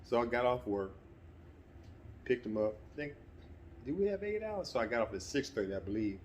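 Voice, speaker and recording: A middle-aged man telling a personal story in a relaxed, conversational way, sometimes getting animated. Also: mid-range voice, brisk, a little hiss or hum. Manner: relaxed, conversational, breaks into animated quoted voices. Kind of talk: casual spoken anecdote.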